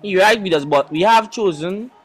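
A man's voice: high voice, normal speed, breathy edge, soft background music. A man, co-hosting a casual football podcast, teasing and repeating words for emphasis. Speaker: podcast co-host.

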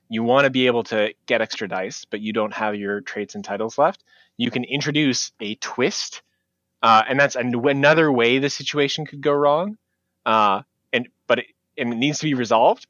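A man's voice: mid-range voice, a bit bright, no echo. A man acting as game master, explaining rules and narrating a tabletop game with frequent fillers. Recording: dry, slightly dull recording.

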